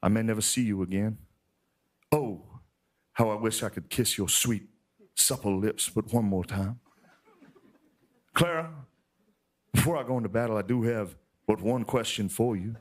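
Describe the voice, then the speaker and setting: A man putting on an old Southern historian who tells slow, folksy stories in a put-on Southern drawl. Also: on the low side, lightly acted. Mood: tender. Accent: put-on American Southern drawl. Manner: slow, folksy, drawn-out storytelling. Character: old male Southern historian, fond storyteller.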